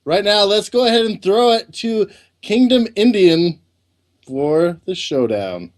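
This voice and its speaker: A man's voice: sits high, animated, unhurried. A man on a casual gaming podcast, teasing and doing announcer-style intros.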